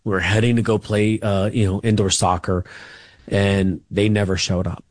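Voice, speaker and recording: Male guest, low voice, dry close sound, rambling anecdotal delivery with fillers. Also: level tone, normal speed, no room sound. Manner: rambling, many fillers and restarts. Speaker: guest author. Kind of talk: casual storytelling interview.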